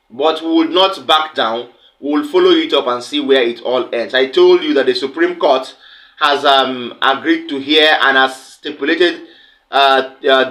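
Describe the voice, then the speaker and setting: A man's voice: medium pitch, bright, forceful tone. A man delivering an online political news commentary, emphatic and pressing with indignant questions.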